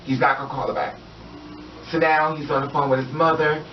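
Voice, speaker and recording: Talking a little fast with little pitch movement, a man with a highish voice tells a casual vlog story. He rambles, repeats, uses plenty of fillers, and acts out what people said. Faint music plays behind the distant, roomy, dull lo-fi audio.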